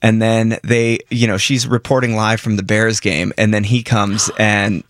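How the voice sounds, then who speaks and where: A man's voice: lowish voice, little pitch movement, a little slow, no echo, clean studio sound. A man co-hosting a show, chatting casually and tossing out joking, opinionated remarks. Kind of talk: casual chat.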